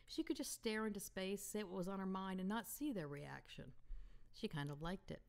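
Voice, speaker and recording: A woman author reading aloud from her romance novel in a calm, intimate manner. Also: mid-range voice, normal speed, vocal fry. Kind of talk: audiobook narration.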